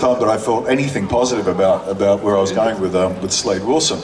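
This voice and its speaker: A fast-talking actor with a slightly mellow, lowish voice and fairly even intonation shares reflective stories from a convention panel stage outdoors in the sun. His long, winding sentences include restarts, and the distant, echoey audio picks up a crowd of fans.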